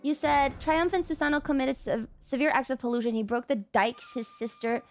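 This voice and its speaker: A woman streaming and chatting casually with her viewers. She swears, laughs often and yells at chat. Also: high-pitched, steady tone, normal speed, faint music behind.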